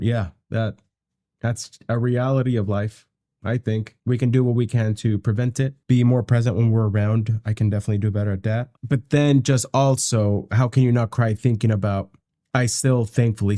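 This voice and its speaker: A man in his thirties reacts to music in a relaxed, warm voice. He talks reflectively and haltingly, stopping and restarting as he thinks out loud. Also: lowish voice. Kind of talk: casual reaction commentary.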